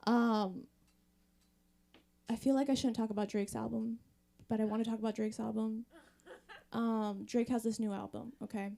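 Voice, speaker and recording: A woman's voice: a little high, fairly even intonation, normal speed, gravelly, long pauses, warm tone. A woman in her thirties doing a chatty, wry stand-up set on a comedy club stage. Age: 30s. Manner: conversational, wry, chatty with the audience.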